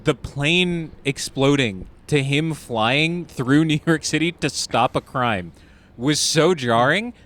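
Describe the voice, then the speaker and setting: A man's voice: a little high, slow, a bit bright. A man co-hosting a podcast in casual chat, ranting with sarcastic, profane exaggeration. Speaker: podcast co-host.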